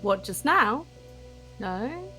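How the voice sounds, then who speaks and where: A woman's voice: a little high, very animated, drawn-out words, sharp tone, soft background music, poor audio. A woman playing a tabletop horror game, hesitant and thinking aloud as she describes her character's actions. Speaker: player. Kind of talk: casual play at a game table. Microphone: home streaming mic.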